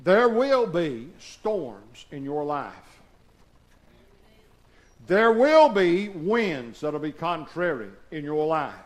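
A man preaching a call-and-response sermon in a church, firing questions at the congregation and swinging between hushed and shouted lines. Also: on the high side, very animated, takes it slowly. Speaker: pastor.

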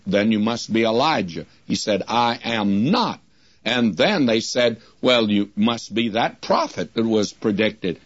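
An older man delivers a radio Bible sermon at an unhurried, deliberate pace, stretching out each quoted verse. His voice is dry and close, with no room echo. The sound is dull and muffled, like an old broadcast recording. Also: mid-range voice. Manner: slows to a drawn-out crawl when quoting scripture.

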